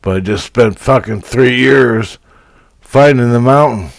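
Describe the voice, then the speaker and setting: A man's voice: medium pitch, unhurried, vocal fry, dry recording. A man talking in a casual spiritual vlog monologue, ranting profanely and in frustration.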